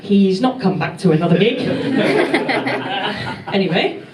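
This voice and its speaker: A woman's voice: medium pitch, lively intonation, slow pace, background noise. A young English woman performing a stand-up set on a club stage, dry and self-deprecating, laughing at her own jokes. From England. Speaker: comedian. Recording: echoey club, far off, crowd.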